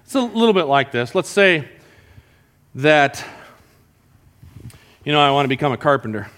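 A man's voice: fairly high pitch, normal speed. A male pastor preaching a sermon at a church service, telling a long illustration with acted-out quotes. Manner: animated storytelling with acted-out quotes.

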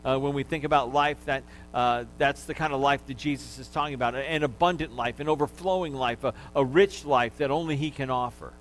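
A man's voice: mid-range voice, fairly quick, hardly any pauses, faint music behind, low-quality recording. A male pastor preaching a sermon, teaching in an easy manner, getting listeners to repeat words after him and joking along the way.

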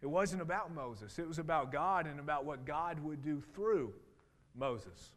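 A man's voice: fairly high pitch, lively intonation, measured pace. A man in his thirties preaching a sermon in a conversational way, with lots of restarts. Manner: conversational, with many fillers and restarts. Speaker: pastor. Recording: long reverb in a hall.

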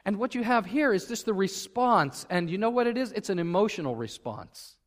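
A male pastor delivers a sermon to his congregation, earnest and at times fervent. His voice sits high for a man. The church hall around him rings with a long reverb. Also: lively intonation, fairly quick. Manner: earnest, rising to fervent emphasis. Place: church sanctuary.

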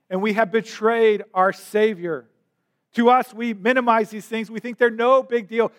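A male pastor preaching an earnest sermon in a church, rising to impassioned questions. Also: high voice. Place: church sanctuary.

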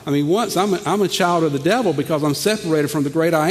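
A man, preaching a sermon in an animated way, stammering over repeated words and swinging from loud to hushed. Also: fairly high pitch, quick pace, big-room sound. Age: 40s. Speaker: pastor.

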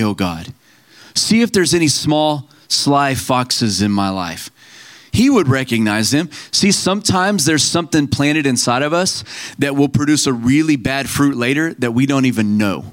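A man's voice: medium pitch, lively intonation, normal speed. A man preaching a sermon in a conversational, storytelling way, quoting scripture and family members and laughing at himself now and then.

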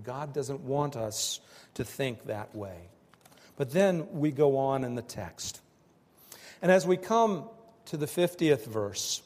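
A man preaching a sermon in slow, emphatic phrases that swell and drop with pauses between them. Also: mid-range voice, animated, darkish tone, long reverb tail. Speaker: pastor.

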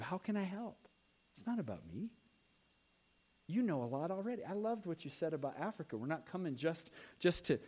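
A man pastor preaching a sermon in an animated, emphatic way. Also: sits high.

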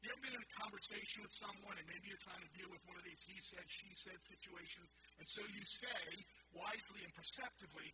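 A man's voice: high voice, fast talker, hardly any pauses, very noisy. A man preaching a sermon as pastor, with emphatic, rising and falling intensity.

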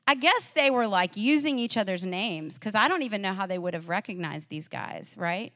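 A woman preaching a sermon in a casual, chatty storytelling way. She shifts between loud, emphatic declarations and quiet, offhand asides. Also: medium pitch, expressive, moderate pace, hardly any pauses. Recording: long reverb, as in a large hall.

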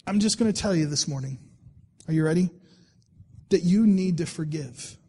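A man's voice: on the high side, moderate pace, a little mellow, slightly rough, long reverb tail. A male pastor preaching a sermon in a conversational way, reading scripture aloud and often repeating his words.

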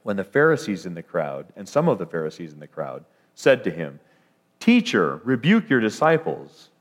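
A man's voice: deep voice, very animated, fairly quick. A man preaching a sermon, emphatic, rising to declarations and often restarting his phrases.

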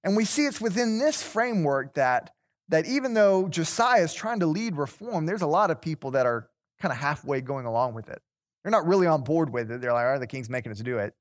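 A man's voice: fairly high pitch, animated, a little fast. A man teaching a Bible class. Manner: conversational, repeats words, asks the class questions.

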